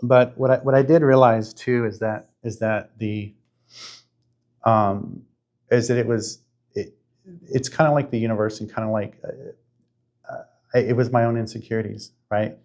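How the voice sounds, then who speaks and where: A man in his fifties hosting a podcast, telling a spiritual story in an earnest, halting way with many restarts. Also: lowish voice, steady tone, darkish tone. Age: 50s. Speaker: podcast host.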